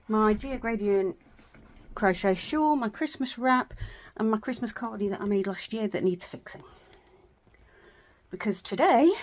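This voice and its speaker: A woman vlogging casually from her home craft room, chatty and self-deprecating, rambling with plenty of fillers. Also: mid-range voice. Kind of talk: casual chat to camera.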